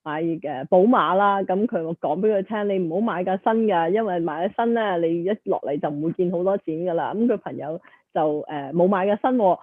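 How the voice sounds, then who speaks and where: A woman's voice: lowish voice, brisk, dry recording. Brief: woman interview host, hesitant delivery with many fillers, heard over a dry, tinny phone line. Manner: hesitant, with frequent filler sounds. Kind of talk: interview host summarizing for viewers.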